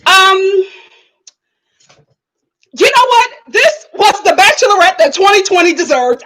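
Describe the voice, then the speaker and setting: Very high, animated woman streamer. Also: unhurried, long pauses, low-quality recording. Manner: animated, exclaiming, blunt. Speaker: YouTube host. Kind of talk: live-stream reaction commentary.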